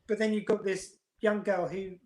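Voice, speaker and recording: A woman's voice: mid-range voice, flat delivery, moderate pace, a little mellow. A woman from the UK co-hosting a casual chat podcast, leading the talk with questions. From United Kingdom. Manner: chatty, leads the discussion with questions. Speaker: podcast co-host.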